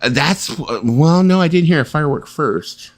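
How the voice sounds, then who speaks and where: Joking and laughing frequently, an animated man hosts a casual chat on a late-night live stream. He speaks at a moderate pace in a voice that leans high.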